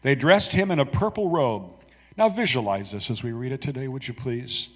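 A man preaching, reading scripture aloud slowly and dramatically, with soft asides to the congregation. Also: medium pitch, expressive, husky, big-room sound.

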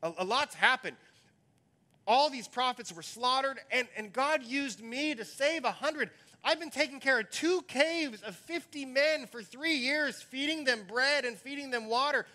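A man's voice: a little slow, heavily acted. A man voicing an anxious, faithful male servant who pleads his case in earnest. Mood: pleading. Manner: earnest, pleading, higher and louder.

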